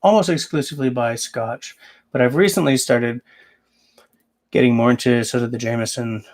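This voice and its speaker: A man's voice: medium pitch, normal speed. A man hosting a casual livestream, answering viewers and thinking aloud as he rambles. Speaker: livestream host.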